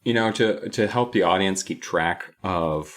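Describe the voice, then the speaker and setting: A man's voice: low voice, a little slow. A man co-hosting a podcast, casually discussing a book and acting out the characters' lines. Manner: animated, acts out characters' lines. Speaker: podcast co-host.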